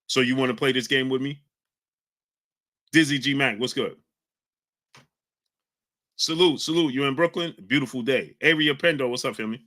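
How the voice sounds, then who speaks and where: Ny guy on a livestream, bright pushy voice, heated, shouting out chat names. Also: medium pitch, normal speed, pauses often. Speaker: livestream host reading chat. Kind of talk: heated live-stream talk.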